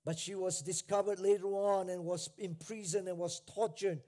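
A male pastor preaching a sermon, repeating phrases for emphasis and swinging between hushed lines and shouted ones. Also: high voice, steady tone, normal speed.

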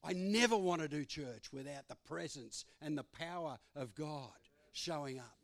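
A man's voice: on the high side, normal speed, creaky. A man preaching a sermon, emphatic and given to repetition. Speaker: pastor.

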